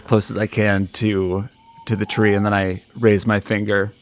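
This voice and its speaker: A man's voice: lowish voice, little pitch movement, moderate pace, a little hiss or hum. A man playing in a tabletop game, given to profane, laughing outbursts. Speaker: player. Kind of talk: tabletop role-play.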